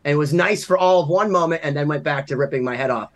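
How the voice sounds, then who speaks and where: Talking at a quick pace in a slightly high voice, a Massachusetts man co-hosting a podcast spins meandering, self-deprecating stories in relaxed conversation.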